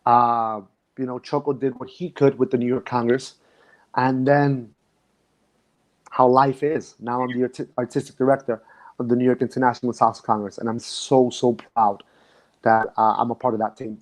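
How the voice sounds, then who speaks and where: A man's voice: medium pitch, little pitch movement, moderate pace. A man, a dance instructor, recalling his past in a reflective, emotional way and often restarting his sentences. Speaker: guest. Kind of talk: casual conversation.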